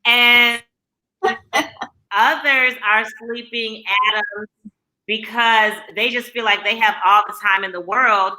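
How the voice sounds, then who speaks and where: A woman's voice: a little high, fairly even intonation, unhurried, sharp tone, low-quality recording. A woman co-hosting a casual chat, explaining ideas in a reflective way and often laughing. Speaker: co-author and co-host. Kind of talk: casual chat about faith and dating.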